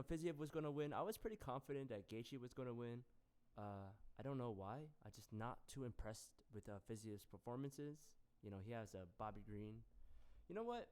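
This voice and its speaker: Young man, casual rant, rambling filler-heavy talk, smooth clear voice, mid pitch. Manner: swings between loud bursts and mumbled asides. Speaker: MMA commentary channel host. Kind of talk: casual solo rant to camera.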